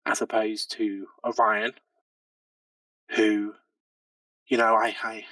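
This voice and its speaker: A man's voice: fairly low pitch, completely flat delivery, slow, pushed and bright, dry recording. A man chatting as a podcast guest, hesitant and searching for words with many restarts. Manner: hesitant, lots of ums and restarts, laughs easily. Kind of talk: reflective casual chat. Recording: dry sound from a distant mic.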